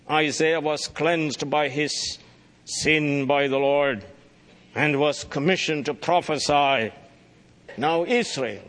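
A man's voice: a little high, a bit bright. A man preaching a sermon from scripture, building emphasis phrase by phrase. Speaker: pastor.

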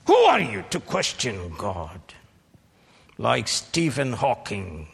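A man preaching a fiery sermon, rebuking his hearers and bursting into shouted peaks between slow, deliberate lines. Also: medium pitch, huge pitch swings, creaky, slightly rough. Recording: long hall reverb.

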